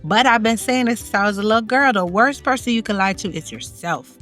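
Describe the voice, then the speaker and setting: A woman's voice: medium pitch, fairly quick, fairly bright tone, soft background music. Emphatic woman giving preachy life advice. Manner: emphatic, preachy, repeats key phrases, acts out inner voices. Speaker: self-help vlogger. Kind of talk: motivational advice monologue.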